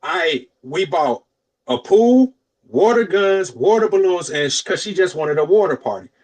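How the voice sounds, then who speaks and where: Young guy on a podcast telling a story, cussing a lot, slightly high voice, jumps into everybody's lines. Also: measured pace. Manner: animated, profane, acts out quotes in other voices. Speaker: podcast co-host. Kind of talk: casual storytelling chat.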